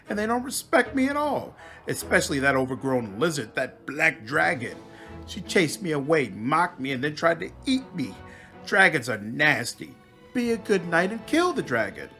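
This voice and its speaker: A man's voice: fairly high pitch, sing-song, normal speed, pushed and bright, soft background music, pitched above the performer's own voice, exaggerated voice. A man voicing a vain female swamp demon queen who is petulant, whiny and awkwardly flirtatious.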